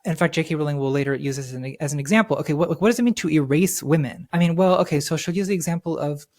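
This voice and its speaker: A man with a slightly high voice talks through a casual podcast in a sardonic, rambling way. He fills his sentences with "like" and quick asides while he works through an argument. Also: a little mellow. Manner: sardonic, filler-heavy talk with many "like"s.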